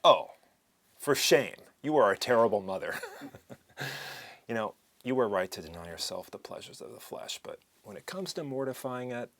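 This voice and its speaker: A man's voice: medium pitch, animated, moderate pace, lightly acted. An actor playing a wry, flirtatious man who teases in an easygoing way, in a stage scene. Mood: teasing. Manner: teasing, wry.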